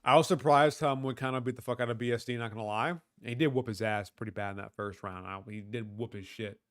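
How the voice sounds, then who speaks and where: A man's voice: mid-range voice, fairly even intonation, quick pace, no echo, clean studio sound. A man hosting a livestream, reading chat and talking back to it in a rambling, profane, slangy way. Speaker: livestream host.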